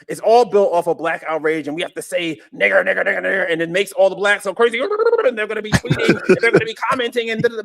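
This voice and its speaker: A man hosting a podcast in casual commentary, emphatic and repeating his phrases. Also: sits high. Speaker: podcast host.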